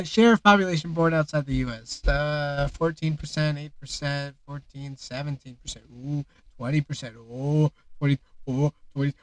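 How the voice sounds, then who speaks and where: A man's voice: a little high, slow, no room sound, poor audio. A man streaming live, reacting to maps in casual commentary with sarcastic, exasperated outbursts.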